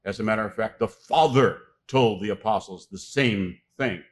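A man preaching a sermon, reading scripture aloud and pressing key words with loud, emphatic stress. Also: fairly low pitch. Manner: reads scripture aloud with pauses.

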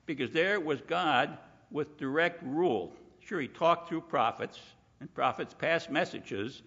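A man's voice: medium pitch, husky. Folksy preacher man in a reverberant hall. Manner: folksy, animated, acts out quoted voices. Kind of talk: sermon. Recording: dull lo-fi recording with long hall reverb.

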